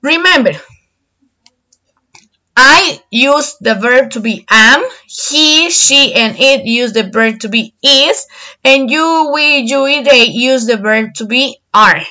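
Woman teacher, a bit high voice, patient, repeats things in two languages. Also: bright, forceful tone. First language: Spanish. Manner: patient, explains slowly and repeats in Spanish. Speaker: English teacher. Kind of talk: bilingual online English lesson.

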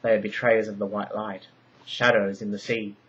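Man playing grave old-world oracle woman, slow solemn prophecy talk, deep, muffled recording. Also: flat delivery, breathy edge. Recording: dull lo-fi recording.

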